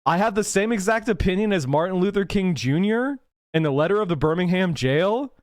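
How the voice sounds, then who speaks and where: A man's voice: a little high, no echo, clean studio sound. Fiery, profane man ranting on stream. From Pennsylvania. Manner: angry, profane, emphatic. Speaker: political livestream host. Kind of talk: heated livestream rant.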